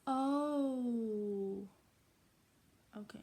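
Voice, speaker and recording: A woman's voice: mid-range voice, normal speed, dark tone, slight background noise. A woman casually reading a novel aloud in a mock English accent, stumbling over old words and stopping to question how they are pronounced. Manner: playfully attempts a put-on English accent. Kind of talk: casual read-aloud with asides.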